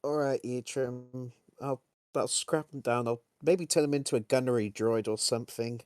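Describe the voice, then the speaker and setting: A man playing in a tabletop role-playing game, speaking casually and haltingly, often stopping to repeat himself. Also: mid-range voice, a little mellow, smooth, no room sound, studio quality. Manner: hesitant, halting, repeats words. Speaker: player.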